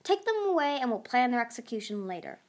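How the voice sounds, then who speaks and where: A woman's voice: on the high side, sing-song, fast talker, a little mellow. A woman voicing a haughty, cruel female sea dragon queen who talks scornfully. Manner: scornful, snarling.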